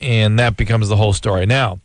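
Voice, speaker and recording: A man with a somewhat low voice hosts a late-night call-in radio show as its doctor. He explains things calmly and patiently. The sound is close and dry. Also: a little fast, no echo. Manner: calm, explanatory, laughs often.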